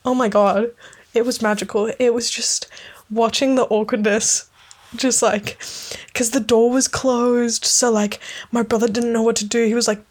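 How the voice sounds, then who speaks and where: A woman rambling casually in a late-night podcast episode, giggling often and swearing freely, sometimes dropping to a hushed voice. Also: on the high side, level tone, moderate pace. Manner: drops to a hushed voice at times. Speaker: podcast host.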